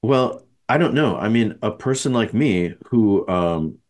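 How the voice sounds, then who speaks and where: A man's voice: fairly low pitch, expressive, a little slow, a little mellow. A man hosting a podcast in casual chat, rambling and correcting himself with frequent chuckles. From American Midwest. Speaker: podcast host.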